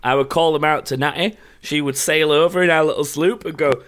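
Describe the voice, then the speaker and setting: A man's voice: a little high, fairly even intonation, a little fast, a bit bright. A man, a podcast host chatting casually and telling stories. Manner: chatty, laughing, storytelling. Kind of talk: casual chat.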